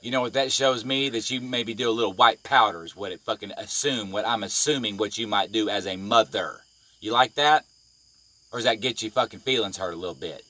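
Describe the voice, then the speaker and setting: A man's voice: on the low side, fast talker, hardly any pauses, pushed and bright. A man on a live video, ranting angrily and confrontationally with constant swearing. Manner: profane, confrontational, heated. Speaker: live-stream vlogger. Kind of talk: angry live-video rant.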